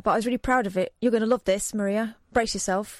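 A woman's voice: mid-range voice, steady tone, racing, no room sound, studio quality. A woman co-hosting a radio phone-in, chatting casually and giggling along. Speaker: studio co-host. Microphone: studio microphone.

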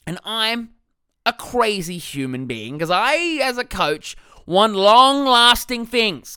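A man's voice: sits high, pushed and bright, clear, resonant tone, no echo, studio quality. A man talking as a life coach in a motivational self-help talk, blunt and jokey, swearing freely.

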